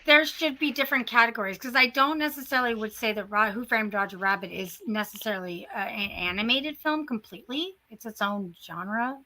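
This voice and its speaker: Woman, casual podcast chat, bright tone, higher voice. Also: fairly quick, hardly any pauses. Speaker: podcast panelist.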